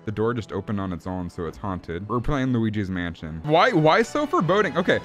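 A man's voice: fairly low pitch, a little fast. A man giving casual, jokey commentary while playing a video game, poking fun at himself as he goes. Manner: jokey, animated, self-mocking. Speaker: let's play gamer. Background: game music.

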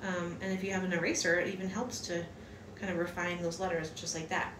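A woman's voice: on the low side, level tone, brisk, fairly bright tone, recorded from a distance, a little hiss or hum. A woman giving a casual lettering lesson at home, rambling and chatty with lots of fillers and restarts. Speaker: hand-lettering teacher. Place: room at home. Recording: echoey room, voice from off-mic.

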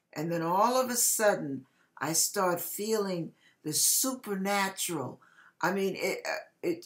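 A woman ministry speaker sharing a heartfelt personal testimony. She speaks earnestly and tenderly, with emotional swells and soft, trailing endings. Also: lowish voice.

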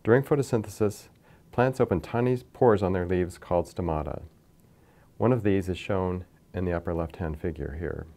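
Man, very deep voice, science lecture, measured, explanatory. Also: dark tone. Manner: measured, explanatory, pointing to figures. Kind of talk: scripted science lecture over slides.

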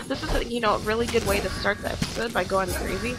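A young woman giving live commentary on a video game, excitable and frantic, often yelling and laughing, with loud game music behind her. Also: on the high side, quick pace. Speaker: gaming let's-player.

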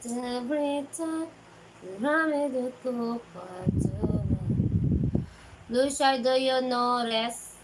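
High-voiced Filipina streamer, slow talk. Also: female voice. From Philippines. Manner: greets viewers by name and reads chat aloud; mixes English with Tagalog. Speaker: livestream host. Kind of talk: casual live chat. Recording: loud background noise.

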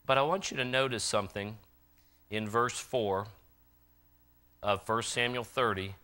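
Bright-voiced preaching man. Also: fairly low pitch, measured pace. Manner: swings from loud shouted passion to quiet earnest appeals. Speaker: pastor. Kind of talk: sermon. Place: church sanctuary.

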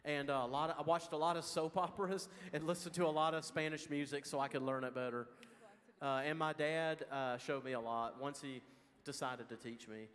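A man's voice: fairly high pitch, steady tone, a little fast, a bit bright. Folksy Texan man in a hall. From Texas. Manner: folksy, joking, drawling. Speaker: guest answering student questions. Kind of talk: casual chapel Q&A. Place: school chapel hall. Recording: reverberant chapel hall.

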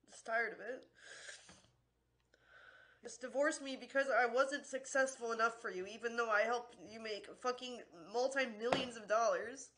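A woman's voice: a little high, steady tone, normal speed, a bit bright, slight background noise. A woman streamer in an angry livestream rant, swearing constantly and sounding exasperated and worn out.

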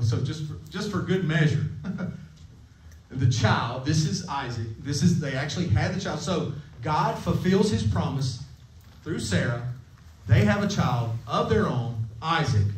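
A man's voice: fairly high pitch, a little mellow. A man giving a casual, playful sermon to a camp chapel, joking and asking the room questions. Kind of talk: casual sermon to middle schoolers. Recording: echoey room, mic at a distance.

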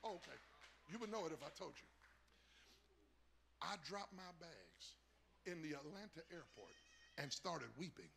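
Bishop, male, high bright gravelly voice, husky, storytelling that climbs to shouting. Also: big pitch swings, normal speed, pauses often, a little hiss or hum. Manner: rises from low storytelling to shouted, high-pitched preaching. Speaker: bishop, guest preacher. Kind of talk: sermon storytelling building to shouted preaching.

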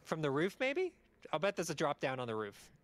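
A man's voice: a little high, huge pitch swings, fairly quick. A man casually chatting while watching a friend play a video game, teasing and giving joking advice. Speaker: game show co-host. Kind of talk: casual gameplay chat.

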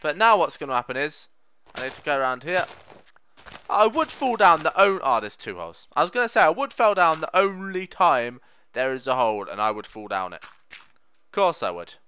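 A man's voice: a little high, very animated, moderate pace, pushed and bright, slight background noise. A young man giving rambling, jokey commentary as he plays a block-building game, chatting to the animals in it. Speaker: Minecraft let's player. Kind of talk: gameplay commentary.

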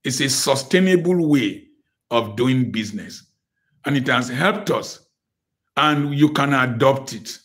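A man's voice: mid-range voice, animated, unhurried, fairly bright tone. An older man from Nigeria giving an emphatic motivational lecture as guest speaker, with a preacherly style and repeated phrases.

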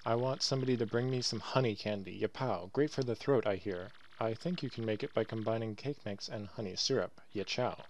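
A man voicing a male bomb creature with a cold, hoarse, tossing in popping exclamations between sentences. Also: lowish voice, a little fast, hardly any pauses, a little hiss or hum, natural voice. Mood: whiny. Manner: punctuates talk with popping exclamations.

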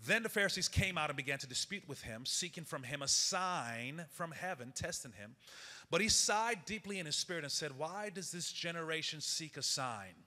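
A man preaching a sermon and reading scripture, repeating phrases for emphasis and dropping to a hushed, intense tone. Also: fairly high pitch, lively intonation, normal speed, in a large hall. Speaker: pastor.

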